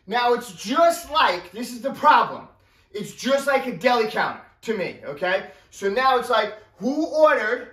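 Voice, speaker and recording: A man telling a comedic story as a rant, animated and exasperated, acting out the other people in the story in quick character voices. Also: extremely high pitch. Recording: roomy sound from a distant mic.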